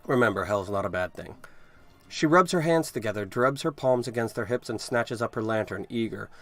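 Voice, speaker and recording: A man's voice: fairly low pitch, fairly quick, a bit bright. A man hosting a let's play, reading game text aloud with casual, wry asides. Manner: casual, wry asides between read passages.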